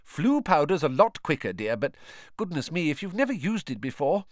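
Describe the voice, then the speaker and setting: A man's voice: on the high side, sing-song, moderate pace, no echo, studio quality, voice pushed up. A man voicing a fussy, anxious middle-aged witch who dotes on the children. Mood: fussing. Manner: anxious, doting, fussing.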